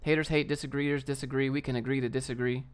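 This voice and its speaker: A man's voice: mid-range voice, level tone, fast talker, clear, resonant tone. A young man hosting a casual livestream, ranting in a brash, slangy way and reading out viewer comments. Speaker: livestream host.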